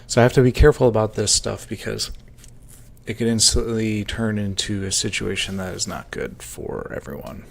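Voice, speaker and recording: A man's voice: fairly low pitch, steady tone, normal speed, creaky. A man thinking aloud as he works out prices at his computer, muttering numbers, with hiccups. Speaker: Minecraft server admin. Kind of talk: casual working commentary. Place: indoors at a computer.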